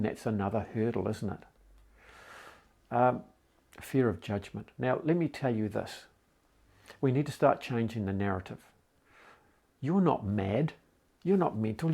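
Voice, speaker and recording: A middle-aged man speaking calmly and reassuringly straight to the listener in a mental health support talk. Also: on the low side, gravelly, slightly rough. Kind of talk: gentle direct-to-camera support talk.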